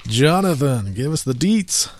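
Man, podcast host, mid-pitched, upbeat, dry close sound. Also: very animated, a little slow, a little mellow, dry recording. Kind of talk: casual chat.

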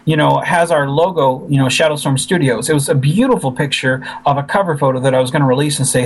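A man who makes fan films, talking in a casual chat, animated and frustrated, often repeating himself as he vents. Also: a little high, husky, rough recording. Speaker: fan filmmaker.

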